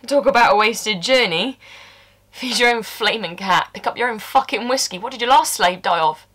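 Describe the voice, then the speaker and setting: A woman's voice: on the low side, normal speed, long pauses, husky. An actress performing a stage monologue as a blunt, working-class woman who confesses to a killing, swearing and dropping into whispers.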